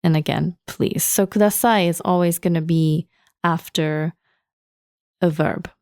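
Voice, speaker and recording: Japanese teacher, female, mellow gravelly tone, laughs easily, dry studio sound. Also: on the low side, steady tone, dry recording. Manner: explains words slowly, laughs often. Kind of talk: language lesson podcast.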